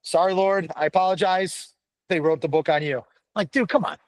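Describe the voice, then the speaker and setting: A gruff middle-aged man speaking as a firefighter guest in a casual chat, blunt and profane, telling stories with energy. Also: a little high, brisk, dry recording, poor audio. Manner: blunt, profane, animated storytelling. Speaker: podcast guest, firefighter paramedic.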